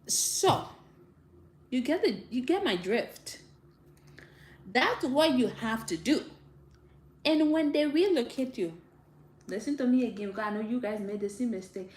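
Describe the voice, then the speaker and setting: A woman talking casually to viewers, giving direct, animated advice and laughing often. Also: a little high, a little slow, pauses often. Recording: roomy echo, faint ambience.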